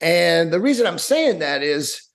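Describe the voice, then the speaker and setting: A man's voice: fairly high pitch, big pitch swings, measured pace. Loose-talking male podcast host. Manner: loose, rambling, swears casually, breaks off to look things up. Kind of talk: casual solo podcast talk with a read sponsor ad.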